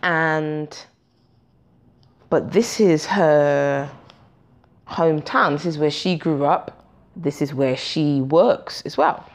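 A woman's voice: sits low, slow pace, long pauses. A woman in her forties hosting a podcast, telling a story casually, swearing freely and acting out the dialogue. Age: 40s. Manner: animated, profane, acts out dialogue. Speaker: podcast host.

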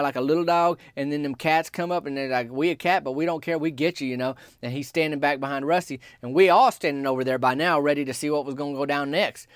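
A man telling a comic story in a rambling, deadpan, folksy way. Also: fairly high pitch, dry recording, clean studio sound.

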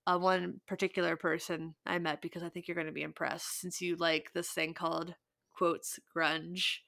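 Brief: young woman, podcast co-host, chatty and rambling, gravelly edge, dry close sound. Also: lowish voice, little pitch movement, brisk, fairly bright tone, dry recording. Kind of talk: casual chat.

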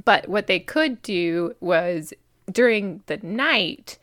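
A woman's voice: on the low side, animated, takes it slowly, fairly bright tone, no room sound, clean studio sound. An American woman co-hosting a podcast, chatting casually about history with many fillers and frequent laughs. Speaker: podcast co-host.

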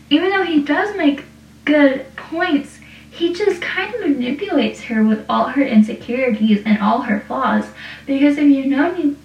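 Young woman, casual rambling chat, fillers everywhere, highish voice, distant mic, echoey room. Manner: rambling, heavy use of "like". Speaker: TV show reviewer. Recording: distant, roomy, dull-sounding.

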